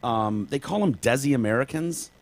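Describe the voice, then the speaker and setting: A male podcast co-host chatting casually and reading an article aloud, halting and tripping over names with lots of ums. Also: mid-range voice, expressive.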